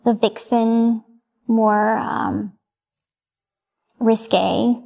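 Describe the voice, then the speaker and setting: Soft-spoken hesitant young woman, gravelly. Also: on the high side, fairly even intonation, extremely slow. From United States. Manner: soft, hesitant, brief answers with many ums. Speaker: interviewee. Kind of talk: answering interview questions.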